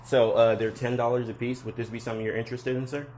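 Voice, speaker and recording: A young man vlogging in a friendly, polite, chatty way, with casual slang and sales-pitch patter. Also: flat delivery, fast, a little hiss or hum. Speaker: vlogger selling door to door. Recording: loud background music.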